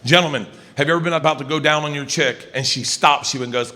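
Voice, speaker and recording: Loud middle-aged male stand-up comic. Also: fast talker, few pauses. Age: 50s. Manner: loud, swinging between low asides and shouted high bursts. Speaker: stand-up comedian. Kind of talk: stand-up comedy storytelling. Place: large arena on stage. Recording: live show with clear crowd noise. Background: audience laughter.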